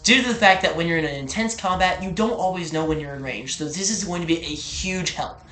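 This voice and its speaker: A man co-hosting a laid-back game development update, upbeat and quick with a playful aside. His voice sits a little higher than most men's. The recording has a roomy, echoey sound. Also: sharp tone, soft background music. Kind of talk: casual chat.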